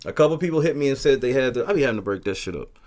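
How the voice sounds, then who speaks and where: A man hosting a casual livestream, talking profanely and telling stories with lively shouted bits as he reads the chat. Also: mid-range voice, rapid-fire. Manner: profane, animated storytelling with shouted quotes. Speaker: livestream host reading chat.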